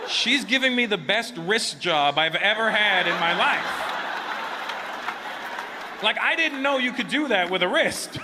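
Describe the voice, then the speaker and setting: A man's voice: sits high, lively intonation, unhurried, pauses often. A man doing stand-up comedy before a live audience, telling crude, rambling stories, laughing at his own jokes and checking in with the crowd. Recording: noisy live club recording.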